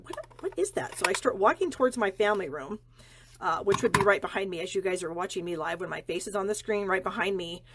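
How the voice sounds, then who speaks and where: A woman's voice: medium pitch, slight background noise. A middle-aged woman chatting and rambling casually as she hosts a card-making live stream from her home craft room.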